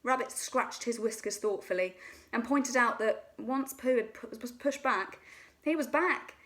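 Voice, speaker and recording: A woman storyteller reading a children's story aloud in a gentle, expressive way. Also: on the high side, a little slow.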